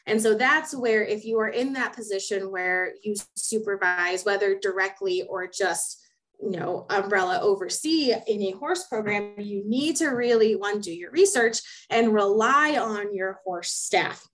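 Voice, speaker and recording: Mid-range and a little slow, this young woman's voice comes through a low-quality recording as she co-hosts a casual podcast. She is a horse program specialist who talks emphatically, laughs often and repeats words while thinking.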